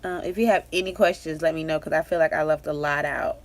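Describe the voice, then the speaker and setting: Low-voiced young woman, chatty vlog. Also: steady tone, fast. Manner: chatty and rambling, with frequent fillers and laughs. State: pregnant. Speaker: vlogger. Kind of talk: casual pregnancy update vlog.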